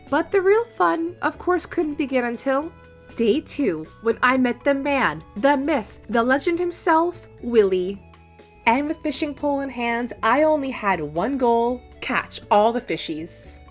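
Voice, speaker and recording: A young woman gaming YouTuber narrating her farming game run, gushing and excitable with frequent gasps. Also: high voice. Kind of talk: gameplay commentary and narration.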